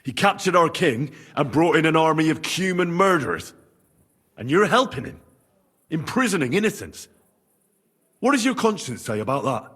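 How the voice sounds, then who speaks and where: A firm, earnest young hero in a video game. He makes his case with a husky yet bright voice and a lively pitch, and faint game music plays underneath. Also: moderate pace, long pauses, exaggerated voice. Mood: persuasive. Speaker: protagonist. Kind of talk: video game cutscene dialogue.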